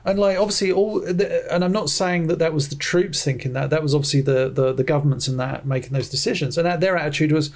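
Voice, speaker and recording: A man's voice: a little high, fast talker, gravelly, hardly any pauses. A man co-hosting a film podcast, chatting casually and acting out the attitudes he describes. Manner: animated, mimics attitudes in quotes, many restarts. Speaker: podcast co-host. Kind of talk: casual film review chat.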